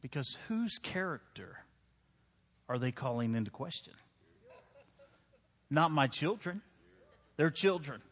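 A man in his thirties preaching a sermon, telling a family story in a relaxed, joking way and often checking in with the crowd. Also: on the high side, slow, long pauses. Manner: conversational, joking, asks the crowd "right?". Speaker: pastor. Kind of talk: sermon with personal stories. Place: church hall. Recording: long hall reverb.

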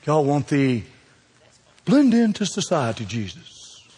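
A man preaching in a church, his fairly high voice carried by the long reverb of a large hall. He is folksy and dramatic, speaking straight to the people in the pews as he preaches. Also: lively intonation, normal speed, a bit bright. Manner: folksy and dramatic, addresses the congregation directly. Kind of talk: sermon. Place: church sanctuary.

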